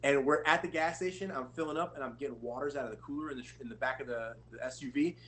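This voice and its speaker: A man's voice: mid-range voice, quick pace, slight background noise, poor audio. A man co-hosting a podcast in casual chat, swearing freely and telling stories with animation. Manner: profane, animated storyteller. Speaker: podcast co-host.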